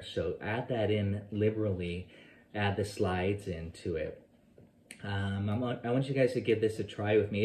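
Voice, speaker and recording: Between rambling explanations, a man with a lowish, darkish voice scats the guitar phrases he plays and counts beats out loud during a lesson. The sound is roomy with slight background noise and guitar playing in the background.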